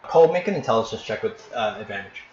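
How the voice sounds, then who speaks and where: A man narrating as game master, painting scenes in vivid detail with frequent pauses and restarts. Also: on the low side, expressive, darkish tone, a little hiss or hum. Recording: echoey, dull lo-fi room recording.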